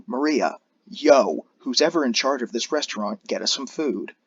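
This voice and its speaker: A man's voice: mid-range voice, lively intonation, moderate pace, breathy edge, no echo, dull audio. A man voicing a brash, crude biker-gang woman who bosses the restaurant staff around.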